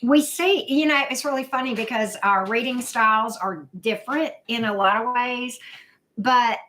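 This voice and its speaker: A woman's voice: fairly high pitch, normal speed, bright, forceful tone. A woman hosting a casual live chat, greeting viewers by name, repeating herself with many fillers. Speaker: livestream host, tarot reader.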